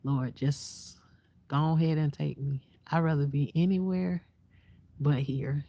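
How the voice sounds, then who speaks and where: A woman vlogger talking casually and reflectively to her viewers, soft-spoken and half-whispering, sitting outdoors at night in the quiet countryside. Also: low-pitched, steady tone, unhurried, no echo. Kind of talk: casual heartfelt talk to viewers.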